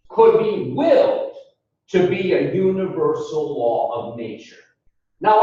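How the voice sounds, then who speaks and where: A man lecturing a philosophy class, deliberate and explanatory, calling the students folks and quizzing them as he goes. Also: high-pitched, a little mellow. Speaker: philosophy instructor. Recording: echoey classroom recorded from far off, dull lo-fi sound.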